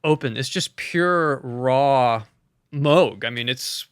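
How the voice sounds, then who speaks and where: Bright, eager man talking synths. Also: mid-range voice, slow, clear, resonant tone, no echo, studio quality. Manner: enthusiastic, loose, with frequent fillers. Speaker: composer and podcast co-host. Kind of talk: casual conversation about synths.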